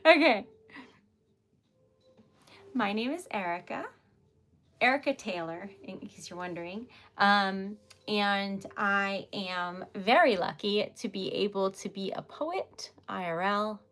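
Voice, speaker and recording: A woman livestream host and poet chatting casually and giggling often, with scattered, unhurried talk. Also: mid-range voice, a bit bright. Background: typewriter clacking.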